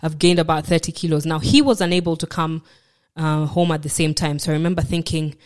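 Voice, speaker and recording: A woman's voice: sits low, fairly even intonation, fairly quick, a little mellow. A woman with a Kenyan accent, frankly and reflectively telling her own story as a podcast guest, with self-deprecating asides. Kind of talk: candid personal storytelling.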